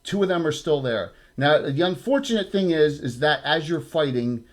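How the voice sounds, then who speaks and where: A man's voice: fairly high pitch, lively intonation, normal speed. A man with a South Jersey accent, narrating a tabletop game as game master in a loose, chatty way with many fillers.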